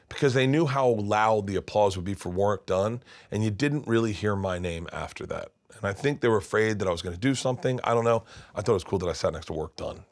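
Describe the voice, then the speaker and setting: Lively man telling a story. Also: lowish voice. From United States. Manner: animated storyteller, acts out quoted voices. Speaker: comedian guest. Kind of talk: storytelling interview.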